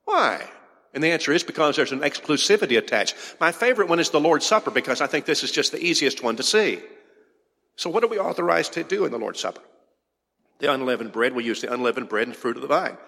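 A man's voice: fairly high pitch, expressive, fast, creaky, pushed and bright. A man preaching a sermon from a church pulpit, pressing his points with repeated rhetorical questions. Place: church sanctuary. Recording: long hall reverb.

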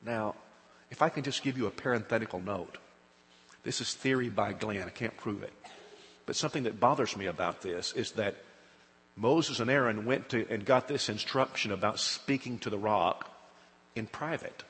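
A man preaching a sermon, retelling scripture and acting out the quoted voices with sudden bursts of loudness. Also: lowish voice, normal speed. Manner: dramatic retelling, acts out quoted speech with rising loudness. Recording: long hall reverb.

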